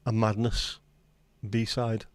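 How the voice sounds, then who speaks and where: A man's voice: on the low side, completely flat delivery, very slow, smooth, dry recording. Easygoing man hosting a livestream. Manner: easygoing, jokey, responds to chat messages. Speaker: livestream host. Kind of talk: casual livestream chat.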